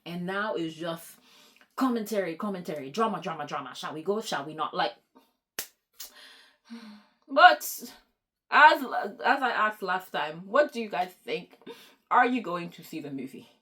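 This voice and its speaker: Excitable, lively-voiced woman book vlogger. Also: on the low side. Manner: excitable, rambling, with quick apologetic asides. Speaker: book YouTuber. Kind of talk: casual chat to camera.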